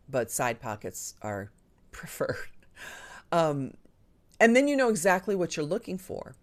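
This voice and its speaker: A woman's voice: low-pitched, sing-song, measured pace, long pauses. Chatty, enthusiastic woman hosting a live show. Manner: chatty and enthusiastic, talks with her hands in the air of her voice, frequent ums. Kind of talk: casual live-stream chat.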